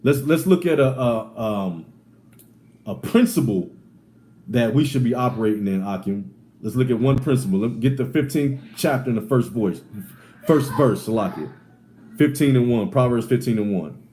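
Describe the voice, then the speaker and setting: A man leading a Bible teaching, talking emphatically and repetitively, calling his listeners "man" again and again, moving between loud sarcastic bursts and low asides. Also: animated, moderate pace, a little hiss or hum. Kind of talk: street-style Bible teaching.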